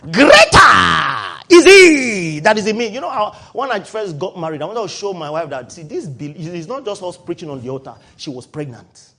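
Pastor preaching, high voice swinging all over, loud then soft. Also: male voice, fairly quick, few pauses, breathy edge. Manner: animated, shifts from loud exclaiming to low asides. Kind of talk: sermon.

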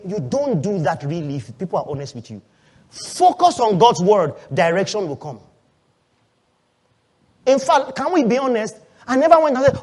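A male pastor preaching a sermon in a church, swinging between loud calls and hushed asides and asking the congregation questions. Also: high-pitched, very animated, moderate pace.

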